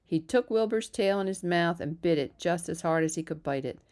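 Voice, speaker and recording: A woman reads a children's novel aloud at a steady pace, slipping on a word now and then. Her voice is slightly low. She narrates evenly. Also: moderate pace. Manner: steady, even narration with small slips. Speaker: reader. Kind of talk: storybook read-aloud.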